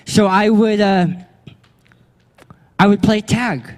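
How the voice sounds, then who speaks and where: A young man preaching with a high, bright voice, telling a comic story and slipping into voices for its characters. His voice rings out with a long reverb, as if from a large hall. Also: little pitch movement, takes it slowly. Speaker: pastor. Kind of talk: storytelling sermon.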